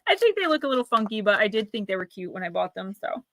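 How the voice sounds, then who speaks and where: A woman's voice: medium pitch, big pitch swings, fairly quick, dry recording, rough recording. A woman giving an intuitive oracle card reading on a live stream, chatting and reading card meanings aloud. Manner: chatty, reads card text aloud softly.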